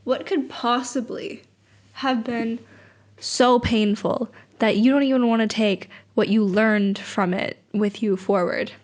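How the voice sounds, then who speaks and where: A young woman vlogging casually, rambling softly and sometimes dropping to a whisper. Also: fairly high pitch, steady tone, takes it slowly. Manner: soft, rambling, drifts into whispers. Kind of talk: casual late-night vlog chat.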